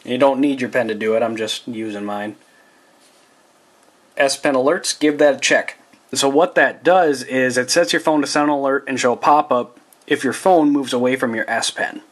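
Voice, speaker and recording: A man's voice: mid-range voice, normal speed. Chatty man walking through a phone setup. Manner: chatty, talks straight to viewers as "guys"; loose and rambling, with restarts and asides. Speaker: tech reviewer. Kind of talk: casual phone tutorial.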